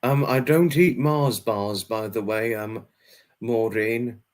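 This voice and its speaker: A man with a rather low, somewhat mellow voice unhurriedly answers his viewers' chat one by one on a casual livestream. He repeats himself a lot and his speech is cluttered with fillers and restarts.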